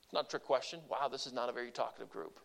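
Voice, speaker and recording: A married man preaching a sermon in a conversational style, asking his congregation questions and shifting his loudness and pace for emphasis. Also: medium pitch, rapid-fire, creaky. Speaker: pastor.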